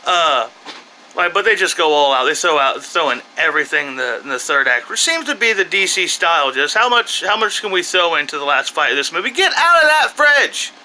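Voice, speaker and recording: A man's voice: fairly high pitch, animated, fairly quick, pushed and bright, slight background noise, low-quality recording. A man giving a casual, off-the-cuff movie review in a rambling way, with frequent restarts and asides.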